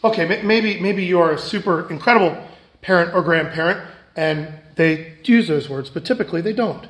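High-voiced pastor preaching in an echoey room. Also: male voice, brisk. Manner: emphatic, repeats key phrases, swings between loud and hushed. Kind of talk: sermon.

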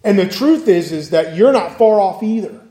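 A man's voice: high voice, lively intonation, normal speed, dark tone. A man preaching a sermon in an earnest way, now and then acting out the people he quotes. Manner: earnest, acts out quoted voices. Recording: echoey room.

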